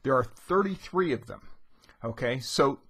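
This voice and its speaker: A man's voice: mid-range voice, animated, unhurried, fairly bright tone, husky. A man teaching literature in a casual, conversational lesson, retelling scenes with rising emphasis.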